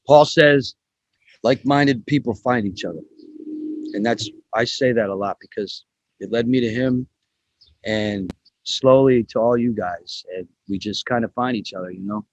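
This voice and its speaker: A man's voice: medium pitch, normal speed, dry recording, highs cut off. A man hosting a podcast in a casual, chatty way, swearing now and then. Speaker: podcast host.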